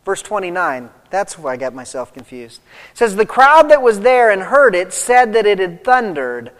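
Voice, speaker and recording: A man's voice: high voice, sing-song, normal speed, fairly bright tone, in a large hall. A man preaching a sermon as a pastor, reading scripture aloud and building to emphatic peaks.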